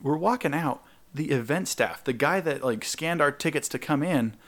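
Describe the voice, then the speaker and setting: A man's voice: a little high, moderate pace. Man telling a story in casual chat. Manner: animated, acts out quoted people in raised voices. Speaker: podcast co-host.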